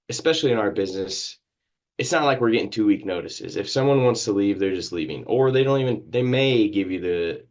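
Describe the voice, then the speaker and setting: A man, a business owner and podcast guest, explaining how he runs his company in a steady, matter-of-fact way. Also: low voice, dull audio. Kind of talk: casual interview talk.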